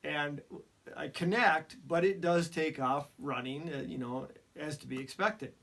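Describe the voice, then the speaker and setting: Brief: man, fifties, relaxed storyteller, self-deprecating, laughs a lot. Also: on the high side, a little slow, creaky. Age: 50s. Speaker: podcast co-host. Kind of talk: casual storytelling.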